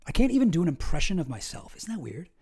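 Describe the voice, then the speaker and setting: A man's voice: on the high side, very animated, fast, darkish tone, husky. A young Canadian man with a Canadian accent, chatting casually on a live stream and answering his chat, rambling with lots of fillers and restarts.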